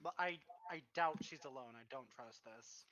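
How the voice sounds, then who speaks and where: Bright, excitable tabletop player. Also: medium pitch, muffled recording. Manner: excitable, swearing, quick to laugh. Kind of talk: casual chat at a game table.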